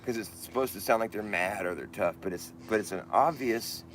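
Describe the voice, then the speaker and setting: A man's voice: on the low side, brisk, slight background noise. A man talking in a loose, rambling monologue, often restarting his sentences and laughing at himself.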